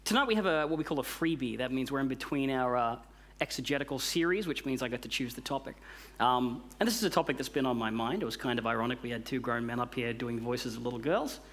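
A man's voice: mid-range voice, quick pace, a bit bright. A male pastor giving a thoughtful sermon, posing questions to his congregation and praying. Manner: thoughtful, asks questions, fillers.

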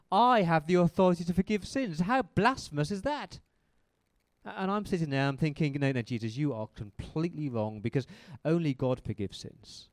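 A man's voice: mid-range voice, a little mellow, no room sound. A man preaching a first-person dramatic monologue as Saul, a zealous persecutor who turns repentant, telling the story vividly and throwing questions to his listeners.

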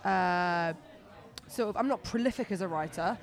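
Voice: medium pitch, moderate pace. Chatty stand-up comic. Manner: chatty, rambling, self-deprecating. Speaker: stand-up comedian. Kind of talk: casual interview chat.

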